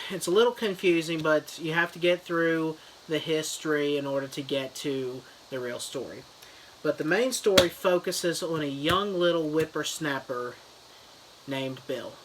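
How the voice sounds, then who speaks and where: A man's voice: on the high side, a bit bright, slight background noise, rough recording. A man retelling a story as a mock review, in a loose, rambling style full of fillers. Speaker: comedy reviewer.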